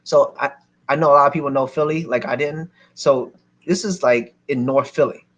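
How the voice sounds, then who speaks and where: A man from Philadelphia telling a lively story to a seminar audience as a real estate investor, acting out the people in it. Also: medium pitch, moderate pace, muffled recording. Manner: animated, acts out other people's lines.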